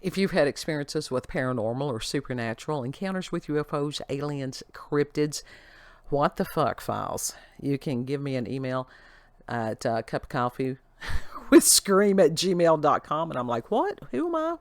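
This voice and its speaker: A woman's voice: rumbling low, normal speed, dry recording. A middle-aged woman with an Appalachian mountain accent, hosting a casual vlog and talking earnestly and folksily straight to her viewers. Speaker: host.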